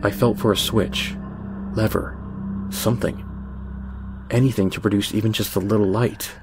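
A man narrating a horror story in a measured, tense way over background music. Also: lowish voice, steady tone. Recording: music bed under voice.

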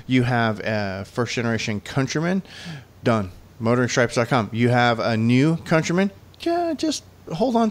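A man hosting a casual car podcast, chatting loosely and rolling into upbeat sponsor plugs. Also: medium pitch. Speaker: podcast host.

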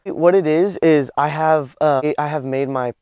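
A young man pulling pranks in public, rambling in a halting, confused way with lots of fillers. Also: fairly high pitch, clean tone, no room sound, highs cut off. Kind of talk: prank video, acting confused.

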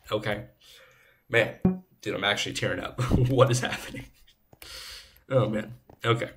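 A young man hosting a gaming channel, chatting casually and rambling playfully while he plays, recorded on a low-quality home microphone. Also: unhurried, pauses often, noisy background. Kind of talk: casual chat while playing. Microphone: low-quality desk microphone.

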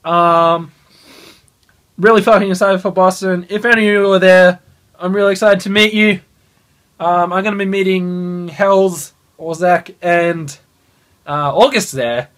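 A young man vlogging into a phone held at arm's length, excited and swearing a lot. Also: sits high, a little slow. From Australia. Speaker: gaming channel host. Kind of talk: casual vlog.

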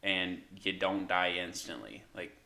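A man's voice: sits low, expressive, gravelly, pushed and bright. A young man co-hosting a casual podcast, talking hesitantly with fillers. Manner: slow, hesitant delivery with fillers. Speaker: podcast co-host. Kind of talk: casual chat.

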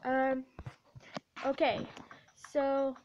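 A woman commenting casually on a puzzle game as she plays, excitable and full of little oohs and cheers. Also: high-pitched, drawn-out words, highs cut off, slight background noise. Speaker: let's play host. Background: game music.

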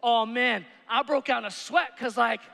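A male pastor preaching a sermon, animated, swinging between shouts and hushed asides on a church stage. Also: extremely high pitch, normal speed, creaky. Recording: reverberant church hall.

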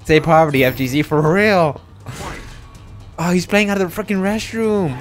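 A man streaming a live game, commenting excitedly, cursing and bursting into shouts. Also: a little high, moderate pace, soft background music.

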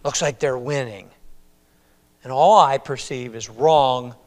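A male pastor preaching a sermon, voicing a prophet's laments in loud, high, dramatic cries and praying in a softer, lower voice. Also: slow pace. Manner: soft, low prayer voice. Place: church sanctuary. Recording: long reverb of a church hall.

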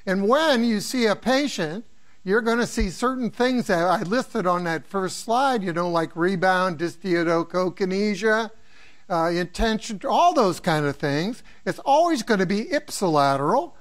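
A man's voice: high voice, lively intonation, measured pace. An older man from the Midwest giving an informal exam review lecture as a neuroanatomy professor, rambling through anecdotes and posing questions to students. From American Midwest.

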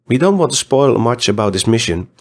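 A man's voice: medium pitch, a little fast. Man reading podcast news. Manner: even, read-aloud delivery. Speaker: podcast host. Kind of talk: scripted news read.

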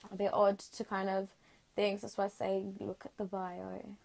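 A young woman chatting casually on a phone livestream, replying to comments in a laid-back, drawn-out way. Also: medium pitch, completely flat delivery, creaky, a little mellow.

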